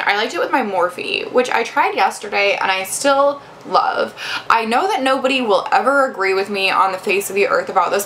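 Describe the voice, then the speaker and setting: A woman's voice: medium pitch, fairly bright tone, a little hiss or hum, poor audio. A young adult woman giving a casual makeup review, chatty and rambling with lots of fillers and restarts. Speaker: beauty vlogger.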